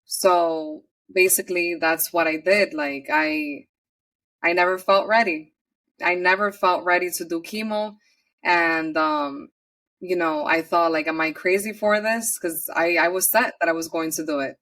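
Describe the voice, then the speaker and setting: A woman with a slightly low voice tells her own story as a podcast guest. She is earnest and chatty, often slipping into the words she once said. Her voice sits a little back from the microphone. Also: fairly even intonation, measured pace, a bit bright, recorded from a distance. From New York City. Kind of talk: personal storytelling in an interview.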